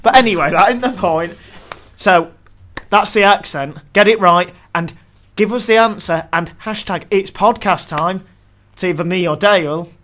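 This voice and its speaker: A man's voice: sits high, normal speed, fairly bright tone. A young man co-hosting a casual podcast, joking and laughing often at his own lines. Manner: jokey, self-mocking, laughs often. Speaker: podcast co-host.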